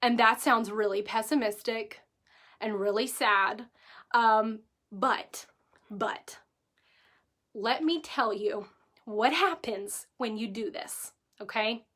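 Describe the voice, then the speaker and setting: A woman in her thirties with a high, bright voice shares a story straight to camera. She is animated and emotional, acting out what people said, then turns earnest as she gives life advice in a casual vlog style. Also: slow, long pauses. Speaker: vlogger giving life advice.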